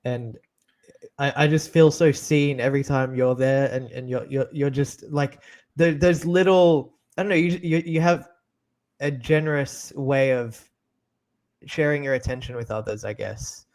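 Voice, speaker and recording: Halting, soft-spoken man guest. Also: medium pitch, steady tone. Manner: warm, halting, appreciative. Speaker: podcast guest. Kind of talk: casual conversation.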